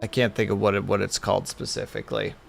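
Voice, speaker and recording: A man's voice: lowish voice, flat delivery, fast, gravelly, soft background music. A man streaming live, chatting casually and rambling to his chat.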